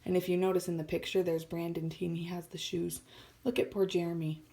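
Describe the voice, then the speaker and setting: A woman's voice: fairly low pitch, flat delivery, brisk, vocal fry, mellow. A woman teacher reading a story aloud to children, explaining words and often dropping to a whisper. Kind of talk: read-aloud lesson for children.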